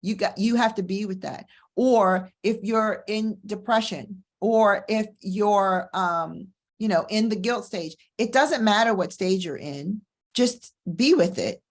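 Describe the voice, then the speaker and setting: A middle-aged woman who hosts a show as a divorce coach, talking in a candid, energetic casual way and repeating phrases for emphasis. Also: mid-range voice, unhurried. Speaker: divorce coach and podcast host. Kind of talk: casual motivational talk.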